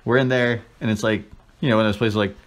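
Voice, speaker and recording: A man's voice: fairly low pitch, steady tone, fast. A man in casual chat as podcast co-host, telling a story with crude jokes and put-on voices.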